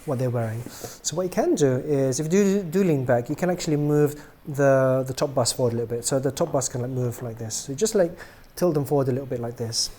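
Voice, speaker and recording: A middle-aged man casually demonstrating how to pose and reset a doll's joints, relaxed and chatty, with many ums, trailing off quietly at the ends of phrases. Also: mid-range voice, a little fast, few pauses. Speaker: doll maker demonstrating a product.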